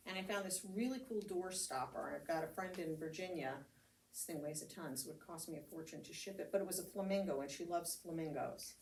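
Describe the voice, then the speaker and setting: American lady pastor chatting thru her sermon, sounds kinda far off in an echoey room, faint hum behind. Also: on the low side. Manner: chatty storytelling with laughs and fillers. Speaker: reverend giving a homily. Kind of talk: casual conversational sermon. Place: church meeting hall. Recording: roomy hall, speaker heard from a distance, faint ambience.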